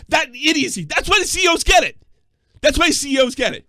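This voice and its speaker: Male call-in host, loud profane ranting, very high tense voice, dry close sound. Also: expressive, quick pace, no echo. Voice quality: yelling, profane, combative. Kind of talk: angry call-in rant.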